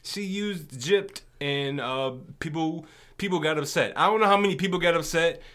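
A man's voice: a little high, normal speed, fairly bright tone. A man co-hosting a casual comedy podcast, rambling and laughing often. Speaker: podcast co-host.

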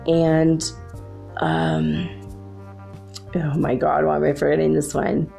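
Woman, low voice, gravelly fry, rambling chatty vlog, home room, faint music behind. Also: sing-song, slow, dark tone. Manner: rambling, chatty, uses "like" often. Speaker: vlogger. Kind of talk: casual spiritual vlog commentary. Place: her room at home, alone.

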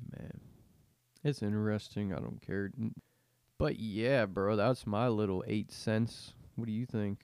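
A man's voice: lowish voice, measured pace, vocal fry, darkish tone, clean tone, no echo. A man in his twenties hosts a podcast, rambling through a casual rant full of slang and swearing. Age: 20s. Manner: profane, slangy, meandering rant. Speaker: podcast host.

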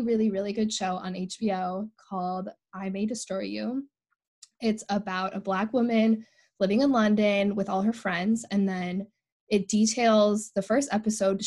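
A woman's voice: mid-range voice, darkish tone. A young woman co-hosting a podcast in casual chat, upbeat and chatty, with lots of "like". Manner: chatty, upbeat, uses "like" a lot. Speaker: podcast co-host.

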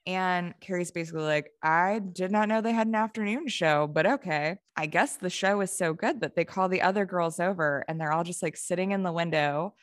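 A woman's voice: lowish voice, a little fast, hardly any pauses, no room sound, studio quality. Chatty woman recapping a TV episode. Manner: chatty, heavy use of "like". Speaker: podcast co-host.

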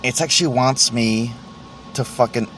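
Podcast host, male, mid-pitch, stumbling rambling vent with heavy swearing, faint air-con hum. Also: a little slow, a bit bright. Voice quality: stammering, restarts phrases often, swears freely. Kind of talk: solo podcast monologue, venting.

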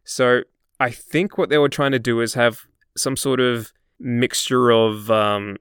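Australian male podcast co-host, gravelly but resonant, dry close mic, chatty and laughing. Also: medium pitch, steady tone, measured pace, a bit bright, no room sound. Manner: chatty, laughs often, many fillers. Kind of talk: casual chat.

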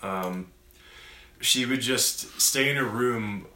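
A man's voice: mid-range voice, slow, sharp tone, roomy sound. A man in casual podcast chat, rambling with many fillers as he recalls old times.

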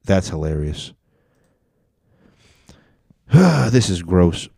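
A man's voice: extremely low pitch, fairly even intonation, slow, pauses often, warm tone, no room sound, studio quality. A man hosting a reaction video, giving casual commentary with loose, profane, offhand asides.

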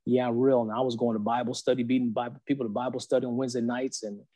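A man's voice: mid-range voice, very fast. Slangy storytelling man telling his testimony. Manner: slangy, animated storytelling that acts out quoted voices. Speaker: guest. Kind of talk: personal faith testimony.

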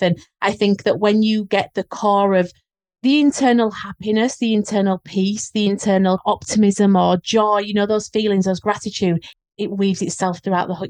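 A woman's voice: medium pitch, darkish tone, no room sound. A woman with a Northern English accent, a guest business coach talking in an earnest, flowing, reflective way in a casual podcast chat.

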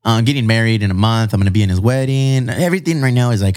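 A man's voice: mid-range voice, fast, a little mellow, dry recording, clean studio sound. A man co-hosting a casual podcast from a home, joking and cutting in with comments, mixing Spanish words into his talk. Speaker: podcast co-host.

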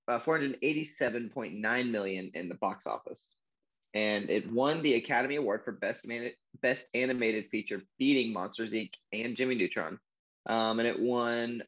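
A man's voice: medium pitch, dull audio. A man co-hosting a podcast, casually reading out movie facts with a few fillers. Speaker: podcast co-host.

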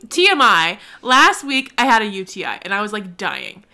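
A woman's voice: medium pitch, very animated, normal speed, bright, forceful tone. A young woman co-hosting a podcast, telling a story in casual chat, acting out other people's lines and laughing often. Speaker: podcast co-host.

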